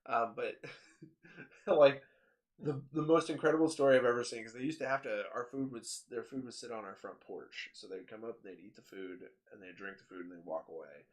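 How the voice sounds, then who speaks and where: A young man co-hosting a casual podcast, telling stories in an animated way, laughing often and swearing freely. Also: medium pitch, a little fast. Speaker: podcast co-host. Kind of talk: casual chat.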